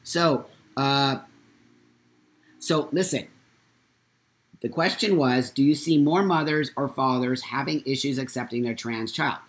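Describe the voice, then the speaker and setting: A man hosting a live morning talk show, telling a personal story in a candid, blunt and animated way. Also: medium pitch, measured pace, pauses often. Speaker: host.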